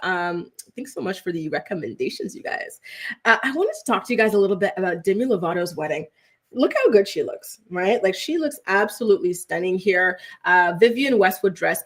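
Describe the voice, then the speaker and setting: A woman in her thirties hosts a casual gossip show, talking to viewers in a chatty, animated way with a mid-range voice. She keeps asking "right?" and uses mock voices when she quotes people.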